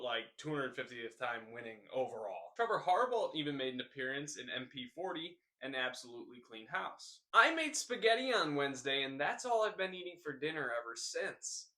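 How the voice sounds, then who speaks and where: A young man hosting a scripted news recap with deadpan, jokey asides and rambling tall tales. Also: fairly high pitch. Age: young adult. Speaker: host.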